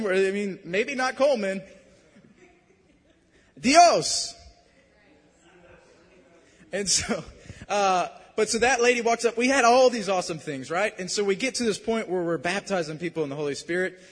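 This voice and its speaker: A man preaching, telling a story in a casual, animated and self-deprecating way. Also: sits high, big-room sound. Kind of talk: sermon storytelling.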